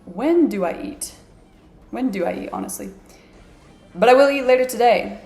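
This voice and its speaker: A woman's voice: fairly high pitch, expressive, normal speed, a little mellow. A woman vlogging from her apartment, telling a story in a chatty, self-mocking way with lots of "like". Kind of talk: casual storytelling to camera. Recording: echoey room.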